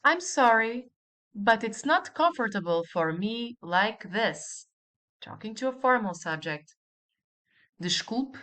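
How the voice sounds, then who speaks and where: A woman teaching a language lesson, speaking slowly and clearly and repeating model words for the listener. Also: on the high side, very animated, a bit bright. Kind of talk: scripted language lesson narration.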